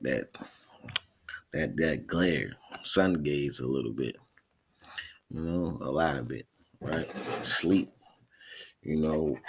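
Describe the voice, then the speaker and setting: A man's voice: a bass voice, husky. A man hosting a podcast in a casual, rambling way, often repeating his words. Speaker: podcast host.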